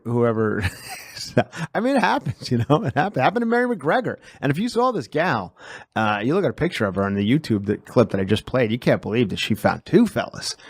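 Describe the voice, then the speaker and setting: A man's voice: on the low side, creaky, no echo, clean studio sound. Rambling self-deprecating male podcast host. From Long Island, New York. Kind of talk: casual podcast chat.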